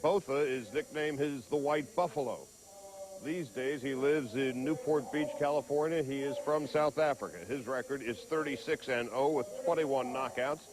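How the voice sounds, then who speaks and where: A man reporting live for a sports news channel, giving measured, informative commentary with a slightly wry tone. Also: medium pitch.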